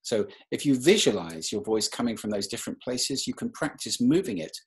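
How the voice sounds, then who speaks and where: A man presenting a webinar talk on speaking, with an expressive, demonstrative delivery. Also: mid-range voice, fairly quick, breathy edge.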